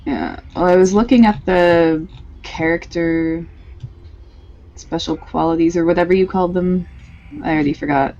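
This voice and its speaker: A player in a casual tabletop role-playing session, unhurried and a little unsure, heard over an online call. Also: medium pitch, fairly even intonation, a little mellow. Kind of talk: casual tabletop game chat. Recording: muffled lo-fi online call audio.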